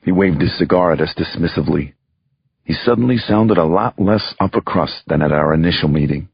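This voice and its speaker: Very deep gravelly male narrator. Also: brisk, no echo, dull audio. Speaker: audiobook narrator. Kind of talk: scripted first-person narration.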